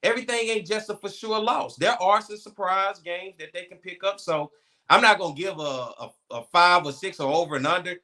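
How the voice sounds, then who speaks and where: A man's voice: sits high, brisk, sharp tone. A man co-hosting a sports talk show, speaking casually and folksily.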